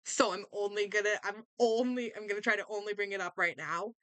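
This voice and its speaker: Excitable young woman, bright and dry. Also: mid-range voice, a little fast, clear, resonant tone, dry recording. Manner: excitable, rambling with frequent fillers and restarts. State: slightly sick. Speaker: reaction video host. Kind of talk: casual reaction commentary. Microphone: desk microphone.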